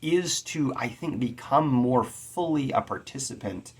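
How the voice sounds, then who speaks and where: A man giving an earnest, expressive lecture on poetic meter, sounding out rhythms as he teaches. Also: mid-range voice, measured pace, breathy edge. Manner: earnest and expressive, tapping out rhythms with spoken syllables. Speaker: poetry teacher.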